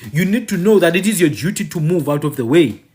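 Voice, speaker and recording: Impassioned man, lively pitch. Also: quick pace. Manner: rhetorical, repeats phrases for emphasis. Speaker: commentator. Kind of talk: impassioned monologue.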